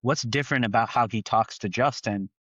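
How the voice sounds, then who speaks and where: A man's voice: mid-range voice, a little fast, fairly bright tone, no room sound. Podcast guest, man from the East Bay, rambly with "right?" tags, dry dull audio. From East Bay, California. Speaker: tech founder guest. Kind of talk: casual podcast conversation.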